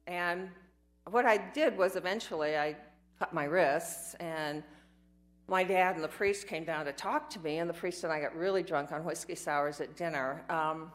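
A woman's voice: lowish voice, moderate pace. An older woman telling her life story in a candid, rambling way, with self-mocking asides. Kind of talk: personal storytelling talk.

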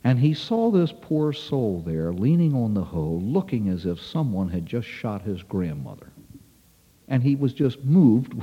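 A man's voice: slightly rough, dull audio. A man, a priest, gives a sermon and tells a folksy anecdote, acting out the dialogue in a voice that climbs for each speaker. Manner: folksy storytelling, acting out dialogue with rising pitch. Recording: long reverb of a large hall.

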